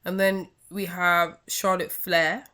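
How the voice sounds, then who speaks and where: A woman's voice: fairly low pitch, little pitch movement, takes it slowly, sharp tone. A British woman hosting her own wrestling review channel, giving a heated, scolding rant in a casual talking style. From United Kingdom. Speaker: wrestling commentary vlogger.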